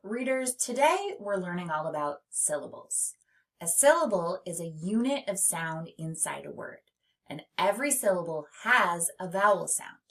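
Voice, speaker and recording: A woman teaching a phonics lesson, speaking slowly and stretching words out syllable by syllable. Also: lowish voice, fairly bright tone. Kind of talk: slow, clear classroom instruction.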